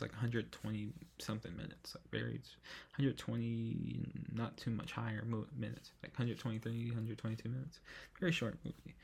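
A man's voice: medium pitch, creaky, a little mellow, slightly rough. A man hosting a podcast, talking through a film review in an enthusiastic, rambling way and often correcting himself. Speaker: podcast host. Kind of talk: casual film review chat.

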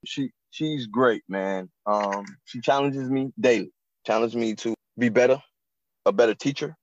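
A man who manages a restaurant, guest on a podcast, talking earnestly in a halting way and often repeating words. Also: medium pitch, a little mellow, highs cut off. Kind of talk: casual interview chat.

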